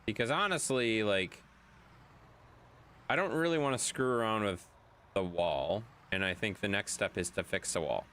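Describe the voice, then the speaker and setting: A man's voice: lowish voice, lively intonation, moderate pace, a bit bright, slight background noise. A man streaming a game late at night, reading chat aloud in a chatty way, swearing now and then.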